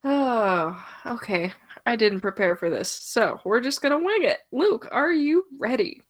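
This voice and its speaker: Young female podcast co-host, wry, a bit high-pitched, casual. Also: sing-song, unhurried. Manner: wry, improvising, laughs. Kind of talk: casual chat.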